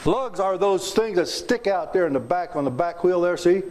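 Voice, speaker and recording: Lively high-voiced older man telling stories. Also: moderate pace. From south central Kansas, USA. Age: 70s. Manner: folksy and joking, quizzes the audience. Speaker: guest speaker. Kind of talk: storytelling talk to a club audience. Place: club meeting room.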